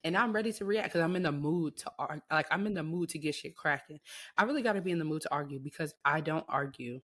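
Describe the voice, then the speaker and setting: A woman's voice: deep voice, quick pace, fairly bright tone. A young woman co-hosting a podcast, talking candidly and profanely in casual chat. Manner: candid, frank and profane, with lots of short backchannel replies. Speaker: podcast co-host.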